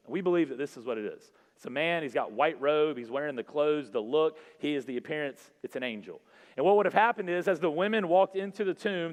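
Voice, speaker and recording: A man preaching a sermon in a casual, conversational way, often repeating phrases and asking "right?", and dropping soft and low on key words. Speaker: pastor. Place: church hall. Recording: long hall reverb.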